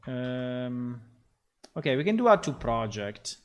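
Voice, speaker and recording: Slow-talking man streaming his game work. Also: medium pitch, big pitch swings. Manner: rambling, talks to himself, gets frustrated and swears. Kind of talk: casual livestream commentary.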